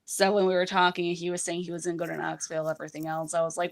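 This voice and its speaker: Low, gravelly woman telling a rambling story. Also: fairly even intonation, fast, recorded from a distance. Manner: rambling, many restarts and swearing. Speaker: interviewee. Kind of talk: casual recounting interview.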